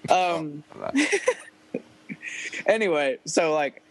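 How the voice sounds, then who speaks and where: A man's voice: on the high side, sing-song, very slow, rough recording. A young man telling stories in casual, profane chat, rambling and laughing often. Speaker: podcast guest musician.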